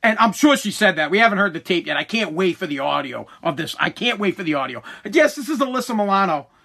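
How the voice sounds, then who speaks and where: A man's voice: a little high, quick pace, vocal fry, sharp tone. A man hosting a podcast, ranting heatedly with profanity and frequent restarts. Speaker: podcast host. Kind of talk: ranting political commentary.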